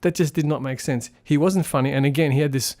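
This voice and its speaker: A man with a fairly high voice giving an unscripted film review. He rambles and thinks aloud, and his tone stays critical throughout. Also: fast talker, darkish tone. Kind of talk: casual spoken film review.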